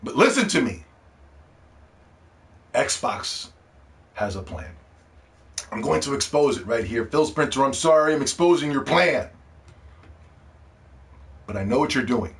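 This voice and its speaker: A man's voice: mid-range voice, expressive, a little slow, long pauses. A man hosting a podcast in a casual, profane, sarcastic rant. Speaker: podcast host.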